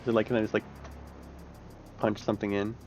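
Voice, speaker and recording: This map-building streamer speaks quickly in a low, flat voice as he works, rambling casually and swearing amid plenty of fillers. Faint music plays under the muffled audio.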